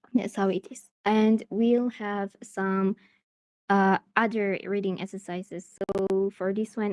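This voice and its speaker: Brief: woman teacher, from Malaysia, online class, soft mellow tone, dry sound, hesitant with fillers. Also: medium pitch, no room sound. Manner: hesitant, many fillers and restarts. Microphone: video call.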